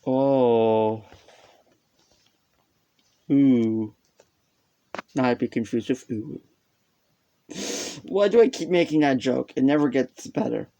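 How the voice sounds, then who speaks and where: A man's voice: mid-range voice, lively intonation, normal speed, vocal fry, pauses often, dark tone, dull audio. A man casually explaining what he has taught himself, rambling and hesitant, poking fun at himself and sounding out vowels aloud as he goes. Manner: rambling, hesitant, self-deprecating. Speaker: hobbyist explaining a language.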